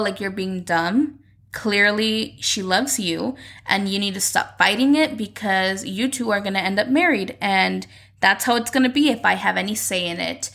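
A woman casually recapping a soap opera, animatedly acting out the characters' lines in quick voices. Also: mid-range voice, gravelly, a bit bright. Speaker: recap commentator.

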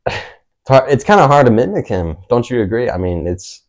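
A man in casual podcast chat, easygoing and quick to giggle. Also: mid-range voice, big pitch swings.

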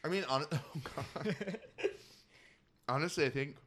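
A man hosting a casual podcast chat, campy and animated, telling stories with lots of laughter while eating. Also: on the high side, a little slow. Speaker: podcast host. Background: eating while talking.

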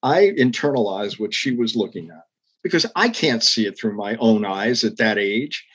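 Older man telling a story, husky voice. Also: on the low side, animated, normal speed, a bit bright, lo-fi sound. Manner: earnest, reflective storytelling with emphatic rises. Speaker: interview guest, former public TV executive. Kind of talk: storytelling interview.

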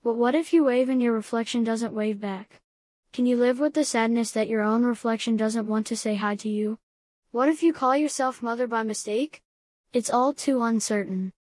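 Brief: woman narrator, fairly high voice, flat matter-of-fact comic read, dry studio sound. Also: moderate pace, no echo. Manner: calm matter-of-fact delivery of absurd advice. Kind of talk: scripted deadpan comedy narration.

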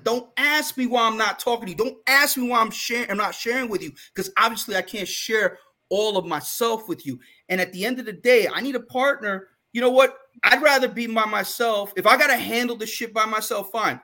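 In a relaxed podcast chat, a co-host with a high-pitched male voice speaks at a moderate pace. His tone is sincere and forceful, and he can get loud and fired up.

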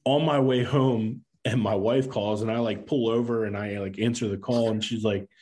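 A man's voice: medium pitch, steady tone, normal speed, darkish tone. A man in his thirties, a podcast guest, telling a personal story in earnest casual talk, acting out quoted lines and using many fillers.

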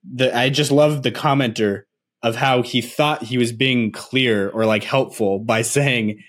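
A man's voice: medium pitch, fairly even intonation, unhurried, fairly bright tone. Rambling, easygoing man with a mid-range voice. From Nebraska, USA. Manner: rambling, full of "like", laughs easily. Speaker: podcast co-host. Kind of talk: casual basketball podcast chat.

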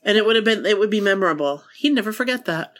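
A woman's voice: medium pitch, lively intonation, rapid-fire, a bit bright. A woman co-hosting a podcast in casual chat, laughing often and teasing her friend by acting out her reactions. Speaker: podcast co-host.

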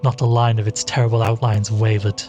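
A man reading a classic ghost story aloud in a measured storytelling voice. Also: fairly low pitch, flat delivery. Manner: measured, voicing each character. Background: faint music.

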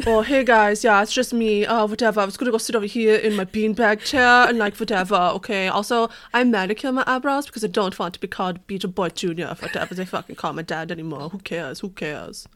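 A woman's voice: medium pitch, steady tone, fast talker, hardly any pauses, fairly bright tone, natural voice. A vain young slacker, put on by a woman, drawls along with a careless shrug in his voice. He is self-satisfied and unbothered, and his lines trail off lazily. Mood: lazy.

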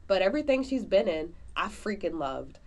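A woman's voice: mid-range voice, big pitch swings, moderate pace, a little mellow. A woman co-hosting a podcast, chatting casually and animatedly about a film, full of fillers. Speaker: podcast co-host. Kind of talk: casual movie review chat.

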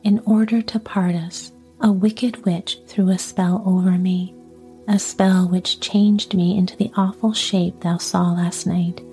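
A woman whispering the lines of a gentle young maiden in old-fashioned speech, as whispered role-play. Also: on the low side, little pitch movement, measured pace, faint music behind. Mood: earnest.

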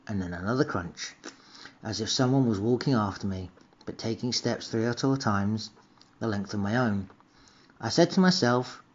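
A man's voice: medium pitch, muffled recording, voice pushed down, natural voice. A man putting on a Scottish old professor. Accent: put-on Scottish. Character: older male professor recounting an eerie mountain walk. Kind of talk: reading an account aloud.

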